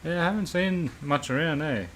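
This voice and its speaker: A man's voice: a little high, fairly quick, a bit bright, slight background noise. A man hosting a live stream, chatting casually and bluntly with viewers and swearing freely. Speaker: livestream host.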